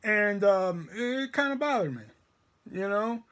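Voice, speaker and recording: Guy with a pretty high voice ranting a work story, swears a ton, rambles on. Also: animated, measured pace, a bit bright. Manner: profane, rambling, emphatic. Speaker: storytime vlogger. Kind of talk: casual storytelling rant.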